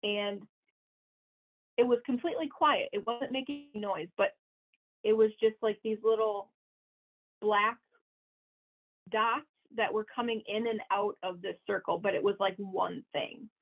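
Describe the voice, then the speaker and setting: A woman's voice: mid-range voice, a little slow, pauses often. A young woman from Wisconsin telling a story as a guest, chatty, laughing often and full of fillers. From Wisconsin, USA. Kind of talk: casual storytelling. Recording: tinny phone-like line.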